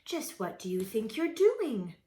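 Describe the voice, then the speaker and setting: A woman's voice: fairly high pitch, sing-song, unhurried, mellow, echoey room. A woman voicing a fussy, firm cat mother in a storybook read-aloud, scolding and exclaiming.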